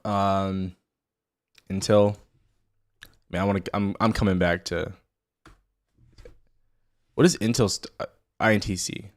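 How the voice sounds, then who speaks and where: A man's voice: low voice, moderate pace, vocal fry, pauses often. A man hosting a live market commentary stream in a loose, unscripted way. He rambles, swears freely, and speaks straight to his viewers in a blunt, chatty tone. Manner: rambling, blunt and profane, addresses viewers directly. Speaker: stock trading livestream host.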